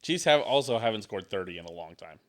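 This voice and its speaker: A man's voice: fairly low pitch, animated, fast, a bit bright. Joking man co-hosting a sports podcast. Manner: loose, joking, swears freely. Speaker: podcast co-host. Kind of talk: casual sports chat.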